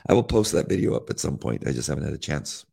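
A man co-hosting a faith podcast in casual chat, with a deep voice. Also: big pitch swings, brisk, warm tone. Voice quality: deep gravelly voice. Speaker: podcast co-host.

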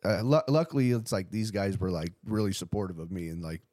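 Laid-back, low-voiced man rambling. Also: expressive, fairly quick, mellow, no echo, studio quality. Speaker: podcast host, t-shirt company owner. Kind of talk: casual chat.

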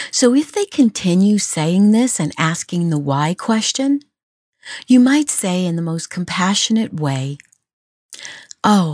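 Podcast host, female, low-ish voice, gentle and compassionate, dry close sound. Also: dry recording. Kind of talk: scripted advice talk.

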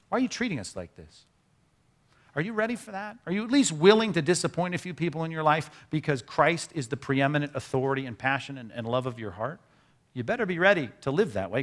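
A man pastor preaching a sermon in a conversational, animated way, with quick asides to the congregation. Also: on the high side.

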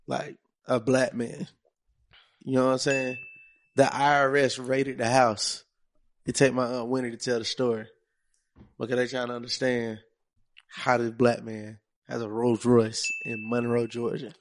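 A man's voice: medium pitch, little pitch movement, a little slow, a little hiss or hum. Laid-back storytelling podcast host, a man. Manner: loose, storytelling, heavy slang. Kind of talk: casual podcast chat.

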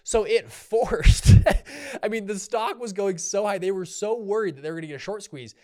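Male solo podcast host, slightly higher pitch, casual and digressive, many fillers. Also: moderate pace, darkish tone.

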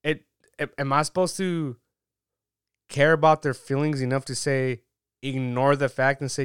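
A man's voice: medium pitch, takes it slowly, pauses often, clear, resonant tone, no echo, clean studio sound. A man giving a casual, chatty sermon, reading scripture and laughing at his own asides. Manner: relaxed, chatty, laughs at himself. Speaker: preacher.

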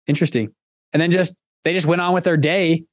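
A fairly high-pitched young man speaks as a podcast guest, close to the mic in a dry, dead-sounding room. He tells stories casually, doubling back, restarting and padding with fillers as he goes. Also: little pitch movement, brisk, no echo. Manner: rambling storyteller with many restarts and fillers.

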